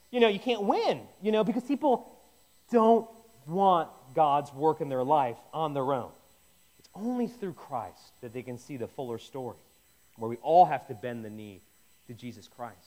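Lively high-voiced man teaching the Bible. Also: a little fast. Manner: conversational, self-interrupting, jokey asides. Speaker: pastor.

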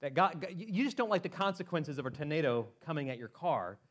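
Middle-aged man preaching a sermon, somewhat high and very lively in pitch, conversational with restarts. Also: a little fast. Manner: animated, acts out quoted voices, frequent restarts. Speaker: pastor.

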